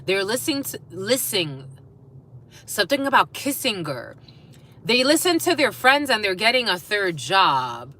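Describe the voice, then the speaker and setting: Very animated and speaking at a moderate pace, this tarot reader has a medium-pitched voice that sounds pushed and bright. She gives a blunt, profane group reading to camera, laughing in asides as the messages arrive.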